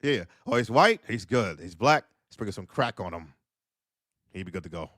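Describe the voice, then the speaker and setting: A man voicing a video platform as a smug, scheming corporate figure, muttering low and mocking. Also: big pitch swings, moderate pace, a bit bright, no echo, clean studio sound.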